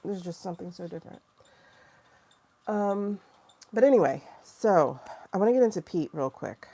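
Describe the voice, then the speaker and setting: A woman's voice: fairly low pitch, expressive, moderate pace, dark tone. A woman in her forties hosting a livestream, chatting loosely and emotionally while reading tarot cards and answering viewer comments. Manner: chatty, rambling and emotional, reacting to chat comments. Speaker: tarot reader and livestream host.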